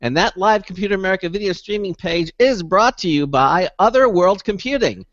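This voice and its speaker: A male talk radio host who rambles and restarts his sentences, with a somewhat high voice. The sound is dry and muffled, as on a broadcast line. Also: a little fast, a bit bright, no room sound. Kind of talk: casual radio chat.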